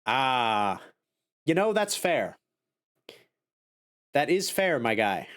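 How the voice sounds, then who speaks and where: Brief: excitable male game streamer, lively pitch that swings all over, goofy and giggly. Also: takes it slowly. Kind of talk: casual live-stream commentary.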